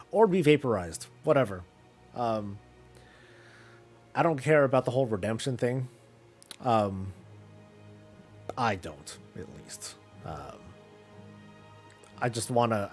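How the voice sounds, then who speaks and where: A man streaming a casual chat about games, rambling with many fillers and restarts. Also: on the low side.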